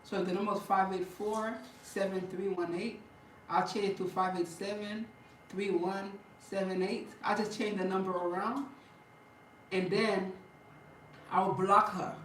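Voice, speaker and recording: A woman chatting casually with her viewers, telling stories in an animated way, laughing and breaking into loud bursts. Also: medium pitch, a little slow, slight background noise. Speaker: vlogger talking to viewers. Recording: roomy and distant from the mic.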